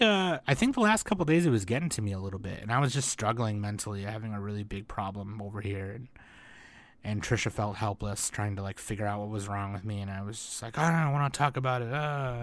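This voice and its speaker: Emotional man, low voice, rambling. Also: fairly quick, a bit bright. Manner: rambling, heartfelt, restarts often, swears casually. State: close to tears. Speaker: podcast host. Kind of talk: emotional solo update to listeners.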